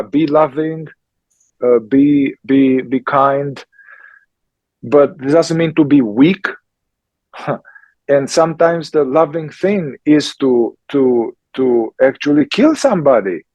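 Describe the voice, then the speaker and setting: A man, a therapist and teacher answering questions in a slow, emphatic conversational way, often checking in with "yeah?". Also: medium pitch, a little mellow, no room sound, rough recording. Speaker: somatic psychotherapist and teacher.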